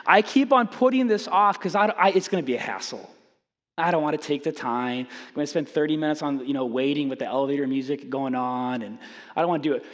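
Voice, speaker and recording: A man preaching a sermon with humorous storytelling. He is animated and self-mocking, acting out the voices in his stories. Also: fairly high pitch, fast, big-room sound. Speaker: pastor.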